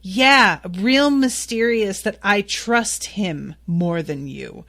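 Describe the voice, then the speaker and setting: A woman's voice: mid-range voice, lively intonation, slow, gravelly, a bit bright, full character voice. A woman voicing a furious teenage girl who sarcastically tears into her boyfriend while swearing. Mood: angry, sarcastic.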